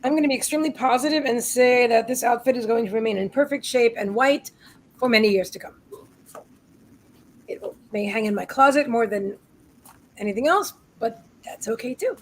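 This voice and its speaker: A woman's voice: a little high, fairly quick, a little hiss or hum, low-quality recording. A woman co-hosting a live stream from her home, telling a rambling story with lots of asides and restarts. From United States. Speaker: co-host of a live psychic reading show. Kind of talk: casual live-stream chat. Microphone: webcam on a live video stream.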